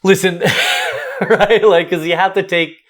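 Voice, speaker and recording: A man co-hosting a casual podcast, reviewing a game with jokey, animated asides. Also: high-pitched, takes it slowly. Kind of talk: casual chat.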